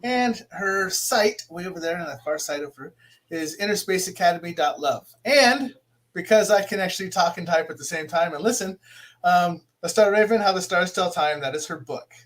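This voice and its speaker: A man with a notably high, light voice hosts a casual live interview, rambling and poking fun at himself. He stops and restarts his sentences often and sounds relaxed and conversational. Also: normal speed. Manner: rambling, self-deprecating, frequent restarts. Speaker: podcast host.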